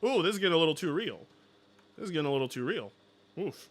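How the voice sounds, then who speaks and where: A man chatting casually on a live stream, excitable, joking and swearing. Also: fairly high pitch, fast, pauses often.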